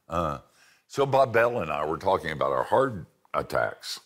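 A man's voice: a bass voice, sing-song, moderate pace, fairly bright tone. An older man preaching a sermon with folksy, self-deprecating humor and storytelling. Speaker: pastor and seminary teacher.

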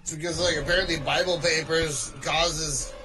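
A man's voice: a little high, fairly even intonation, normal speed, music in the background, low-quality recording. A young adult man co-hosting a casual movie watch-along, rambling and swearing. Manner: laid-back, profane, rambling. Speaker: co-host.

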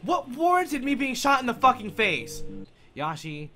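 A man's voice: sits high, sing-song, moderate pace, sharp tone, faint music behind. Shrieking, swearing young man gaming. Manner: jumpy, swearing, shrieks in panic. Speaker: let's play gamer. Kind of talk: horror game commentary.

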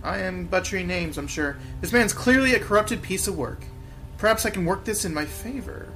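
A man's voice: high-pitched, lively intonation, brisk, fairly bright tone, soft background music. A man playing a story game, reading its lines and adding wry asides to himself. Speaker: game player. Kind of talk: let's play commentary and reading game text.

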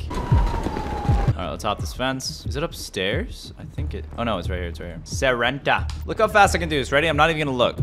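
An excitable man gives running commentary as he plays, chatting to his viewers in a voice that leaps up and down. He talks from his desk, breaks into sudden yelps now and then, and has soft music playing behind him. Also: medium pitch. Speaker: gaming video creator. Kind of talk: live gameplay commentary.

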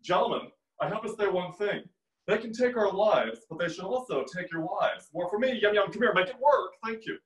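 A man's voice: high-pitched, animated, a little fast, reverberant, far from the mic, pitched above the performer's own voice, rough recording. A man impersonating a campy, lecherous actor at an audition, flamboyant and lip-smacking.

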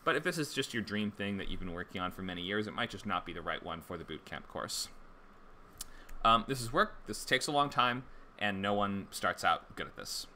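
A man with a fairly low voice and a sharply bright, forceful tone, teaching screenwriting in a casual livestream. He talks loosely, with many fillers and restarts. Faint hiss sits underneath. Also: lively intonation, fairly quick. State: hiccups. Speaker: screenwriting instructor.

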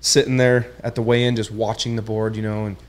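Lowish and level in tone, this young adult talks briskly while guesting on a podcast. The tournament angler tells a story in relaxed chat, dropping "dude" frequently and performing the lines he quotes.

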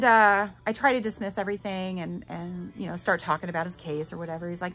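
A woman's voice: fairly low pitch, flat delivery, a little fast, few pauses, a bit bright, faint music behind. A middle-aged woman hosting a podcast, telling a personal story candidly and emphatically, talking straight to her listeners and swearing casually. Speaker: podcast host.

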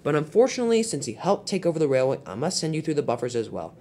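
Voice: mid-range voice, big pitch swings, very fast, mellow, a little hiss or hum, close to an everyday voice. A young storyteller voicing a firm, severe railway controller in a toy-train story. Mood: stern. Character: stern railway boss, a portly controller.

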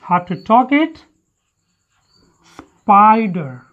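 Teacher, phonetics lesson, very slow and deliberate, drills words, dull lo-fi recording. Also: mid-range voice, expressive. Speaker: English teacher.

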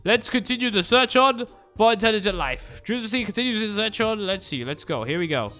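Young male gaming YouTuber, animated and jokey, higher voice, faint game music underneath. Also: brisk. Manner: excitable, jokey, swings between shouting and nervous muttering. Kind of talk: Minecraft let's play commentary.

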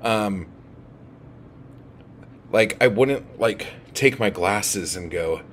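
Irritated male book vlogger, lowish voice, unhurried and profane, with a faint background hum. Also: a bit bright. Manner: agitated, heavy swearing. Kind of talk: profane rant to camera.

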